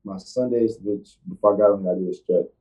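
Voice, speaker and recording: Young man, college athlete, low voice, halting casual answers, dull muffled sound. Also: steady tone, warm tone. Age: young adult. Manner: halting, restarts sentences, drawn-out casual talk. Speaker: college football player, guest.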